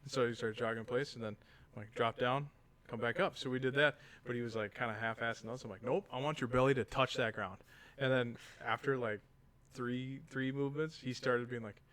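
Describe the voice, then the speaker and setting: Man telling a lively story. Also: medium pitch, fairly quick. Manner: animated storyteller acting out quotes. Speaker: podcast co-host. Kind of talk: casual chat.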